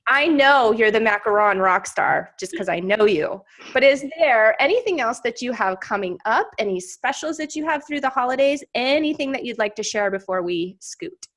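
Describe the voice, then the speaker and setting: A woman's voice: on the high side, expressive, normal speed, a bit bright. A woman hosting a podcast, chatty and enthusiastic in casual conversation. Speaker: podcast host.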